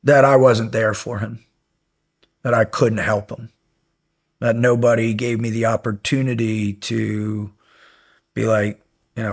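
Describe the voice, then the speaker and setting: A middle-aged man appears as a podcast guest in a casual interview, spinning long, rambling stories and voicing the lines of the people in them. His voice sits lowish and his pace is measured, broken by frequent pauses. He comes across as animated, acting out every quoted line.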